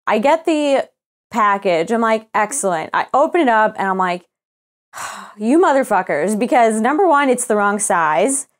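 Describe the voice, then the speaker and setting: A woman's voice: on the high side, moderate pace. Swearing young woman telling a story. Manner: animated storytelling, swears freely, acts out quoted exchanges. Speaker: podcast co-host. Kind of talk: casual chat.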